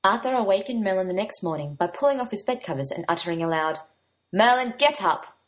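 A woman reads a fantasy tale aloud in an even, unhurried storytelling voice. Her pitch sits a little low for a woman. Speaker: narrator. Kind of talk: audiobook-style story reading.

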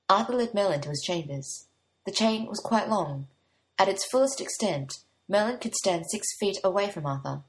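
A woman narrating a fantasy story aloud in a calm, steady storytelling manner. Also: medium pitch, moderate pace. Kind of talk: audiobook-style story reading.

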